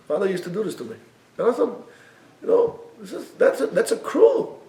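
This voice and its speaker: A man from Israel, teaching a yeshiva class with animated storytelling and bursts of loud emphasis. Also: high voice, normal speed, distant mic. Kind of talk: classroom lecture. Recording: echoey room, speaker away from the mic.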